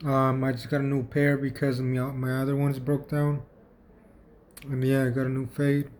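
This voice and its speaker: Man, vlogger, casual personal storytelling, halting with restarts, even monotone delivery, dark mellow tone. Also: medium pitch, slight background noise. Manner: halting, with frequent restarts and repeated words.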